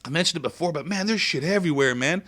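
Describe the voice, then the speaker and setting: A man giving crude, comedic gameplay commentary, hyper and swinging between squeaky highs and low mutters. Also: expressive, quick pace, fairly bright tone.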